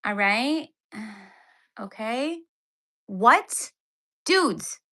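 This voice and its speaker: High, bright-voiced annoyed woman livestreaming. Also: expressive, drawn-out words. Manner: exasperated, sarcastic, chatty. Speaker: livestream host. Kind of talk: casual livestream unboxing. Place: home, indoors.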